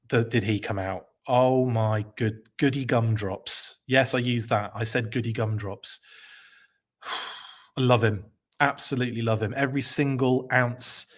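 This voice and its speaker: Male podcast host, mid-pitched, enthusiastic live-stream rambler who corrects himself mid-sentence. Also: fairly bright tone. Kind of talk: casual live-stream chat.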